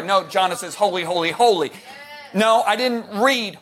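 A man preaching a sermon, animated and joking, shouting some words for emphasis and rambling with restarts. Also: sits high, slow pace, long pauses. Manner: rambling with restarts, jokey asides.

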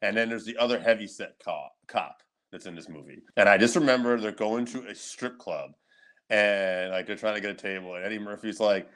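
A man co-hosting a podcast, telling stories in casual chat, animated and laughing often, with frequent swearing. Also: lowish voice, fairly quick. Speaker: podcast co-host.

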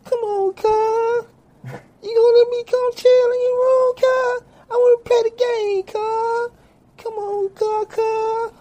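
A high whiny little boy. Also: level tone, slow, dark tone. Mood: pleading. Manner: begging, repeats "cuz" constantly.

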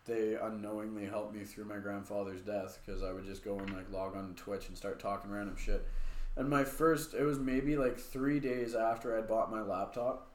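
A man's voice: on the low side, fairly even intonation, moderate pace, darkish tone, reverberant, a little hiss or hum. A man co-hosting a podcast, telling long stories in casual, profane chat. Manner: profane, rambling storytelling. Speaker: podcast co-host.

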